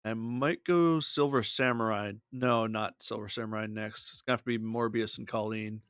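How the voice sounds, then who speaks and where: With a lowish, steady voice that's fairly bright, clear and resonant, a streamer mutters his way through a digital card game at a moderate pace. Faint music plays behind him in a studio-quality recording with no echo.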